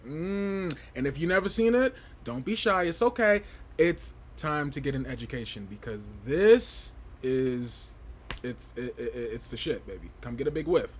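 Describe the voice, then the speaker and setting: A man in a mid-range voice hosts a casual livestream chat. He is campy and playful, swooping up and down in pitch. He is sassy and outspoken, with a faint hum of noise behind him. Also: lively intonation, measured pace. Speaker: livestream host of a fashion review show.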